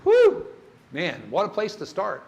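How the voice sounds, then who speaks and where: A man's voice: on the high side, lively intonation, moderate pace, fairly bright tone, lo-fi sound. Folksy grief-workshop speaker, older man. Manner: folksy storytelling, asks the audience questions. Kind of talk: church workshop talk.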